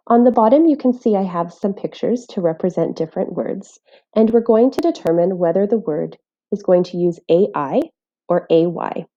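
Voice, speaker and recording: A woman teaching phonics in a scripted voice-over, speaking clearly and carefully while sounding out letters. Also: mid-range voice, warm tone, muffled recording. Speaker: literacy teacher.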